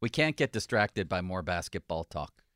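A man, a sports journalist, chatting casually about sports in a lively, joking way. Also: low voice, no room sound, clean studio sound. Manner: lively, joking, quick to laugh.

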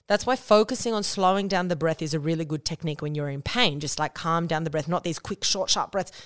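A woman's voice: sits low, fast talker, dry recording, studio quality. A woman hosting her own podcast, talking casually and frankly, swearing freely as she explains things to her listeners. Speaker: podcast host. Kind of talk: casual solo podcast talk.

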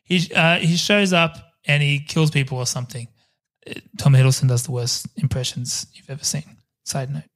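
Joking male co-host, slightly high voice, loose and rambling. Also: fairly even intonation, normal speed, fairly bright tone. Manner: jokey, rambling asides. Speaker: podcast co-host. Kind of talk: casual chat.

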